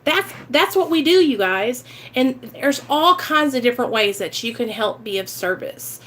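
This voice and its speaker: A woman's voice: on the high side, animated, moderate pace, fairly bright tone. A woman with a Midwestern American accent talking earnestly and emotionally to her viewers in a casual livestream chat about recovery. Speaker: recovery vlogger.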